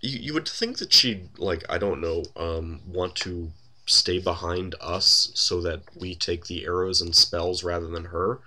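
A man's voice: sits low, measured pace, sharp tone. A man giving wry, casual commentary while playing a computer role-playing game, thinking aloud with many fillers. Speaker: let's play host.

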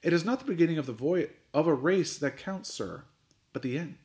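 A man voicing a calm, formal butler who speaks politely and precisely. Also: a little high, a little fast, voice pushed up, natural voice. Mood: composed. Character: unflappable formal older male butler.

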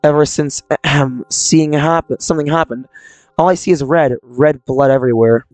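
A man's voice: on the high side, moderate pace, darkish tone, no echo, lightly acted. A man reading aloud the lines of a troubled young person with mental illness from a visual novel, in a subdued, confessional way. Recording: dry close mic, faint game music.

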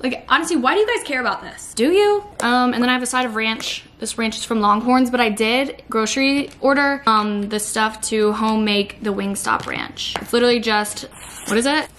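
A woman's voice: a little high, a bit bright, slight background noise. A young woman vlogging casually at home at night, rambling with lots of fillers and the odd swear word. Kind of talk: casual vlog chat.

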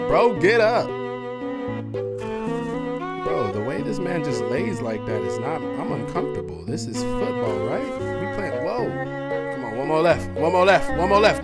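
A young man commenting casually on his own gameplay, loud, excitable and trash-talking, with frequent swearing. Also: medium pitch. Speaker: gaming channel host. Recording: voice over loud game music.

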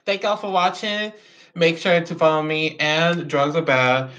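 Slow, bright-voiced laughing male host. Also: on the high side. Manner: laughing easily, relaxed. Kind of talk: casual interview chat.

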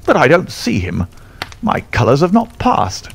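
A man's voice: medium pitch, huge pitch swings, normal speed, gravelly, darkish tone, husky, pitched above the performer's own voice, full character voice. A man voicing an agitated older male colonel in an audiobook, with a strained, exclamatory manner. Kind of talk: audiobook character voice.

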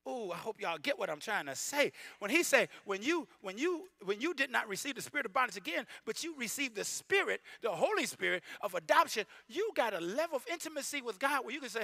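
A middle-aged Southern US man preaching with a high, gravelly voice that rings sharp and bright. He drifts from low, joking asides into full shouted preaching, often acting out the voices of ordinary people. The sound is close and dry. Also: dry recording. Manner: playful, acts out everyday voices. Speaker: pastor. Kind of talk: sermon. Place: church sanctuary.

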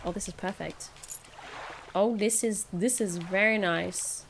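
A woman's voice: mid-range voice, steady tone, takes it slowly, a little hiss or hum. A woman streaming a spooky fishing game, reacting nervously and talking herself through each scare. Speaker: gaming streamer. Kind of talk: let's play commentary.

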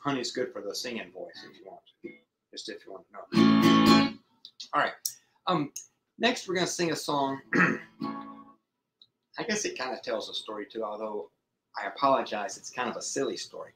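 A man's voice: medium pitch, expressive, normal speed, long pauses. A middle-aged man with a slightly scratchy throat, chatting playfully with children between sing-along songs. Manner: chatty and playful, sings with guitar and harmonica. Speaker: children's musician. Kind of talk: sing-along music for kids. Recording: loud guitar backing.

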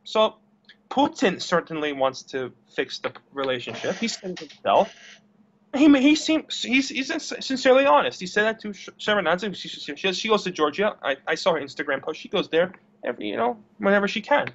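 Young man, high voice, lively pitch, rambling, blunt, dull lo-fi recording. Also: a little fast, a little hiss or hum. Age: young adult. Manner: rambling, blunt, swears, repeats words. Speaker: interview guest. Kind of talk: casual interview talk.

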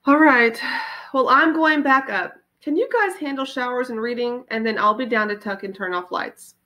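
A woman's voice: fairly high pitch, moderate pace, dull audio, pitched above the performer's own voice, close to an everyday voice. A busy, worried mother from a children's storybook, firm with her kids but plainly weary. A woman reading aloud voices her.

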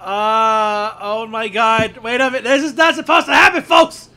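A man commentating his wrestling video game play-by-play, shouting in mock outrage and calling out to the audience. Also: extremely high pitch, expressive, normal speed, few pauses, faint music behind. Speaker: gameplay commentator.

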